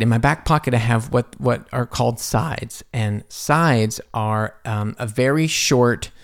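Gravelly-voiced man telling a story. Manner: animated, jumps high when quoting himself; rambling with restarts and asides. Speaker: podcast host. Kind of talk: casual storytelling monologue. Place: home studio.

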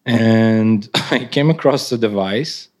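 Laughing low-voiced man, halting English. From Israel. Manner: halting, laughs often, non-native English phrasing. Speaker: interviewed artist. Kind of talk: casual onstage conversation.

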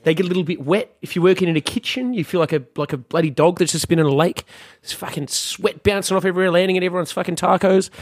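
A man's voice: high-pitched, fast, hardly any pauses, no echo, studio quality. A man hosting a comedy podcast, chatting casually with crude, jokey banter and frequent swearing. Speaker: podcast host.

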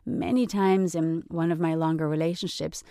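A woman's voice: sits low, normal speed, gravelly, dark tone, no room sound, clean studio sound. A woman hosting a podcast, talking earnestly and emphatically, often checking in with "right?". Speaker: podcast host. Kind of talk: reflective solo podcast talk.

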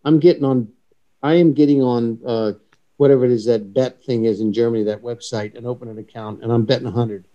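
A middle-aged man telling a long, rambling anecdote in a casual chat, animated and profane, acting out the other people in his story. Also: mid-range voice, fast talker, muffled recording.

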